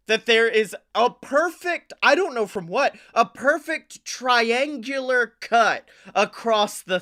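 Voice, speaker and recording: Bright high-voiced young man telling stories. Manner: animated storyteller, profane, acts out dialogue. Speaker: podcast co-host. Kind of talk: casual comedic chat.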